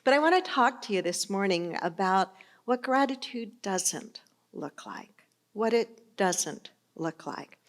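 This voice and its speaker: A woman's voice: medium pitch, expressive, takes it slowly. A middle-aged woman pastor giving a sermon in a conversational, storytelling manner.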